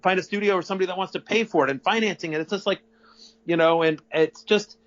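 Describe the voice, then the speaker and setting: Fast and high-voiced, a middle-aged man appears as a guest in a casual interview, telling a rambling, animated story. He keeps restarting sentences, corrects himself and drops the occasional curse, all on dull lo-fi audio.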